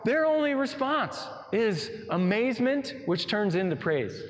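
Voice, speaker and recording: A male pastor preaching a sermon in an animated, conversational way, asking the congregation rhetorical questions. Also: very high voice, a little slow, hardly any pauses, long reverb tail.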